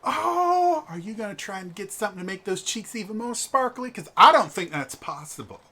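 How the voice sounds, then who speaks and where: Brief: narrator voicing a bubbly society wife, swooping high voice, bright and loud. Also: very animated, fairly quick, full character voice. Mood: gushing. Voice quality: high, sing-song, effusive. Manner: fawning, talks over her husband. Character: gushing, chatty noble wife who mothers strangers.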